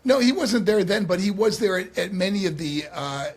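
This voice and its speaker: A man as a podcast guest, telling stories in a lively, casual way with many fillers and restarts. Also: sits high, moderate pace. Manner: animated, lots of fillers and restarts. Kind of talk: casual interview storytelling.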